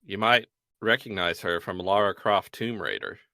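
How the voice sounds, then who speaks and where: A man with a bright, forward tone and a slightly low pitch co-hosts a video game podcast. He jokes in a dry, wry way as he moves through the list. The recording is close and dry. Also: moderate pace, creaky, no room sound. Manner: dry, joking, wry asides. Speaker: podcast co-host. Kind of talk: casual chat about video games.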